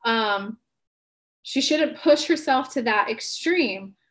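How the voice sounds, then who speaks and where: A woman's voice: fairly high pitch, animated, takes it slowly, a bit bright. A woman life coach on a live stream, answering viewers by name and speaking bluntly and earnestly, with casual swearing.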